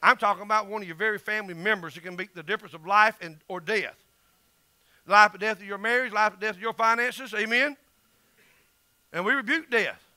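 A man's voice: high voice, fairly quick, pushed and bright, no room sound. A middle-aged man with a Southern US accent, preaching an emphatic, folksy sermon as pastor.

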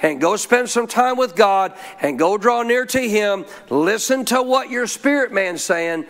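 High-voiced man preaching a sermon. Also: animated, a little slow, fairly bright tone. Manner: preaching with call-and-response questions; repeats phrases for emphasis. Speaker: pastor.

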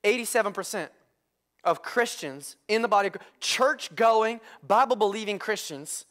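A male pastor preaching a sermon, excitable and prone to shouting with enthusiasm. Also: high-pitched, moderate pace. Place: church.

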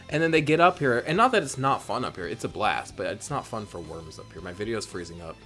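A man's voice: mid-range voice, expressive, moderate pace, a bit bright, faint music behind. A man giving casual gameplay commentary, rambling, swearing often and mocking himself. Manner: rambling, profane, playful, self-mocking. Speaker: let's play host.

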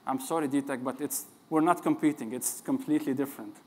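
A man presenting his startup's plans in a casual, upbeat pitch. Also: steady tone, brisk, warm tone, slight background noise. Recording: long hall reverb.

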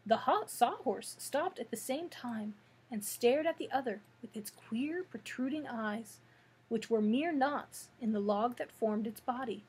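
A woman librarian reading a children's story aloud with steady storytelling narration. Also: a little high, husky, rough recording.

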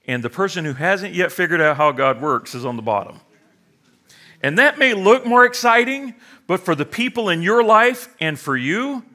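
Bright-voiced joking male pastor. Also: on the high side. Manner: humorous, sarcastic asides, acts out quoted voices. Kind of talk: sermon.

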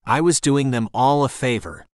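A man's voice: medium pitch, normal speed, clear, resonant tone, no room sound, clean studio sound, natural voice. A male audiobook narrator voicing an older woman, a cold, scheming killer who talks sharply and bossily. She scorns and orders about the man she holds at gunpoint. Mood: defensive.

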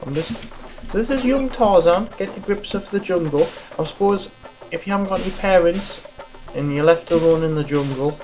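A woman rambles through gameplay commentary while reviewing a game, muttering and swearing at it as she plays. She is self-deprecating, with a lowish, dark voice and a brisk delivery. The recording is rough.

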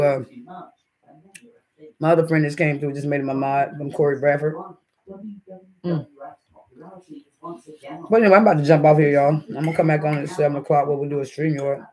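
A man's voice: on the high side, little pitch movement, moderate pace, long pauses. A man hosting a casual live stream, chatting and reading the chat aloud as he eats breakfast, laughing often. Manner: laughs often, with sudden loud outbursts.

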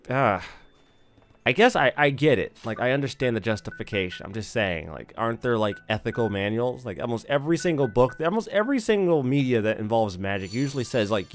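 A man's voice: medium pitch, lively intonation, brisk. A man giving casual, rambling and wry commentary while playing a game. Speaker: let's play host.

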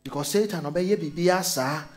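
Animated Ghanaian pastor with a high voice. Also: male voice, fairly quick. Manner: mixes Twi and English, animated storytelling, calls out hallelujah. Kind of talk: sermon.

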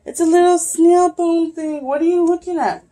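A young woman vlogging casually while unboxing a gift, excitable and gushing, often breaking into giggles. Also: very high voice, moderate pace. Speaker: YouTube vlogger. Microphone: camera, face not shown.

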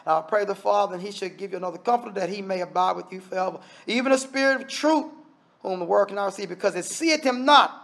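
A man preaching a sermon, reading scripture aloud and breaking in with lively asides. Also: high voice, fast talker, creaky. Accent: Southern US. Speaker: minister.

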